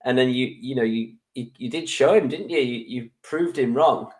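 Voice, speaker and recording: A man's voice: mid-range voice, normal speed, a little mellow. A man hosting a podcast, asking questions and adding short encouraging replies. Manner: encouraging, frequent short affirmations. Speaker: podcast host. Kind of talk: interview questions.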